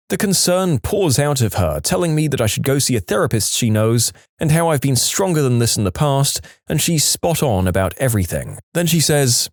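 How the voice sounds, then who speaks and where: A man telling submitted stories in a relaxed, conversational way, his pitch moving a lot from line to line. The sound is dry and close to the mic. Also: dry recording. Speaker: story narrator. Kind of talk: storytelling narration of submitted stories.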